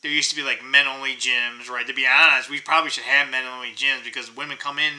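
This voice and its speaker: A man's voice: mid-range voice, steady tone, fast, bright, forceful tone, poor audio. A middle-aged man hosting his own channel, talking in a rambling, profane, casual rant full of fillers. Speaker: channel host.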